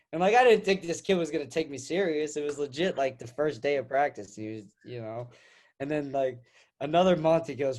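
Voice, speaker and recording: A man's voice: on the high side, fairly quick, darkish tone. A young man, a wrestler guest, chatting casually and telling stories with frequent laughs. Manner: laid-back, laughing storyteller. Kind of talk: casual interview chat.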